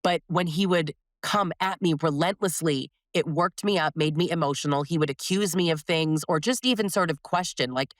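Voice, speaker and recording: A woman hosting a podcast, talking in an animated, emphatic, conversational way. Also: low voice, moderate pace, few pauses, dry recording, clean studio sound. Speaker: podcast host.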